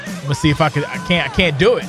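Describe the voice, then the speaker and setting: A man with a high voice calls a wrestling video game match as it unfolds. He is animated and jokey, shouting at the big moves, while game music plays clearly behind him. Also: very fast. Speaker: live stream host and wrestling game commentator. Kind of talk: excitable play-by-play game commentary.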